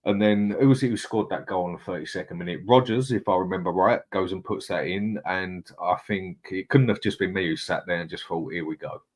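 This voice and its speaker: A man's voice: low-pitched, fairly quick, few pauses. A man hosting a casual live stream, chatting and reading out viewer comments. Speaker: host.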